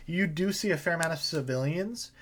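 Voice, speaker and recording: A man's voice: fairly high pitch, a little fast, fairly bright tone, a little hiss or hum. A man narrating as game master in a tabletop game, casual with many fillers.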